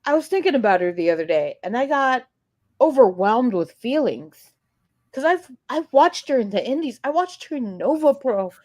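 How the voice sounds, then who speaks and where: Gushing, emotional woman with slightly high voice. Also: sing-song, normal speed, a little mellow. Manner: emotional, gushing, swears often. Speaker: podcast co-host. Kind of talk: casual wrestling chat.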